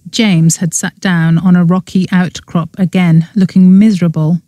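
Dark-toned woman reading an audiobook. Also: on the low side, little pitch movement, moderate pace, few pauses, no room sound, clean studio sound. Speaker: audiobook narrator. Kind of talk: scripted first-person narration.

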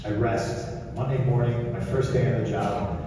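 A man's voice: mid-range voice, fairly even intonation, normal speed. Wry man telling stories in an echoing hall. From Chicago. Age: 40s. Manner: casual, profane, self-mocking storyteller with wry asides. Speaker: award recipient giving an acceptance speech. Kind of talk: live acceptance speech with storytelling. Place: large banquet hall. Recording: echoey hall, distant pickup, faint room noise.

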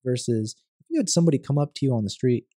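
Mellow-voiced man speaking thoughtfully. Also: mid-range voice, animated, dry recording, studio quality. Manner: measured, thoughtful, frequent restarts. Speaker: commercial real estate attorney, podcast guest. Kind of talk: conversational interview.

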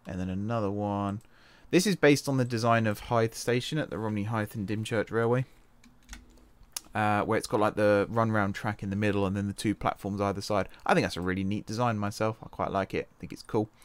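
Low-voiced man musing over a game. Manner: thinking aloud, indecisive, self-correcting. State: wrist pain. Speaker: game let's-play host. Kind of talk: casual gameplay commentary.

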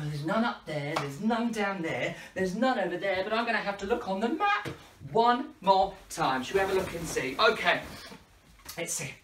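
A man hosting a children's party show for kids watching at home, playful and animated with big gasps and laughs. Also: sits high, a little hiss or hum. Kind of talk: interactive children's show, talking to viewers at home. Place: room at home. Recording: echoey room, voice far from the mic.

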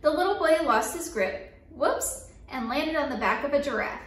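High-voiced woman reading a children's book. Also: fairly quick, distant mic. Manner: lively, playful sound effects and call-and-response. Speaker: story time reader. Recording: echoey room, voice a bit off-mic.

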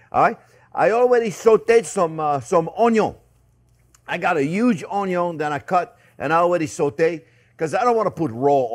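A man with a French accent hosting a casual cooking demonstration, chatty and playful, chuckling often with lots of fillers. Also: medium pitch. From France. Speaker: cooking show host.

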